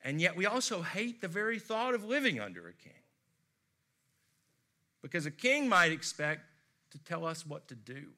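An American man preaching a sermon, telling stories expressively and swinging from loud emphasis to hushed tones. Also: a little high, sing-song, moderate pace, long pauses. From United States. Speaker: pastor.

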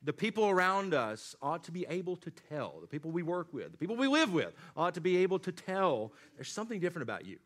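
A man preaching a sermon, swinging from loud emphatic lines to low, quiet drops. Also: very animated, fast, hardly any pauses. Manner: dynamic preaching, rising emphatic then dropping low and quiet. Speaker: pastor.

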